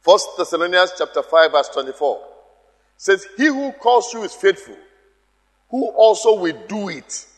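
A man's voice: high-pitched, a little slow, in a large hall. A man preaching a sermon, emphatic, repeating key phrases and calling out to the congregation.

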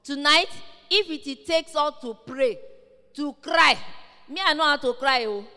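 A woman preaches with fervent, emphatic conviction, her voice high and bright. Her words ring out with a long reverb trailing behind them, as if she stands in a large church hall. She presses each point home with rising intensity. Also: unhurried. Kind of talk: sermon.

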